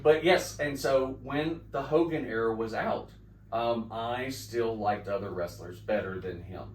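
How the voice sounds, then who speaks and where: A man's voice: mid-range voice, measured pace, distant mic. This is a man in his forties from the Midwest, co-hosting a casual podcast. He tells stories eagerly and acts out other people's lines as he goes. He sits back from the mic in an echoey room, with faint background noise. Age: 40s. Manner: excited storyteller, acts out quotes. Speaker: podcast co-host. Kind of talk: casual chat.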